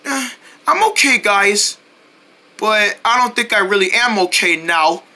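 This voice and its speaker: A woman voicing a gentle male pet cat who talks in a soft, slow, mournful way. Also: high-pitched, lively intonation, exaggerated voice. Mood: hurt. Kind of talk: children's cartoon voice acting.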